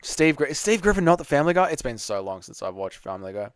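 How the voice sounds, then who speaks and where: Young man, casual live-stream host, chatty banter, lively pitch, smooth clear voice, dry close sound. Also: quick pace, no room sound. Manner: chatty, reads chat aloud, banters with viewers.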